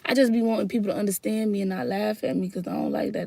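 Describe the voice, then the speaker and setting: A young woman from Florida with a Southern accent, chatting casually to her viewers in a rambling, heartfelt way that swings from soft murmurs to loud bursts. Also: mid-range voice, fairly even intonation, fast, gravelly, few pauses. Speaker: vlogger. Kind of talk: casual chat to camera.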